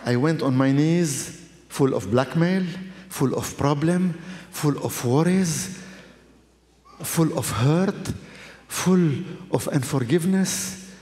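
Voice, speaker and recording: A man's voice: a little high, slow pace, a little mellow. A male pastor telling his testimony in an emphatic, storytelling way, repeating phrases for effect. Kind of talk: dramatic preaching testimony. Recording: echoey hall.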